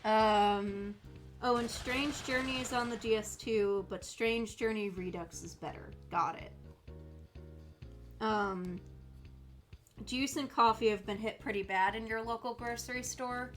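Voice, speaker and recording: A woman's voice: fairly high pitch, steady tone, unhurried, a bit bright, soft background music. Chatty woman streamer reading chat. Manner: chatty, laughs often, reads chat aloud. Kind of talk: casual gameplay stream chat.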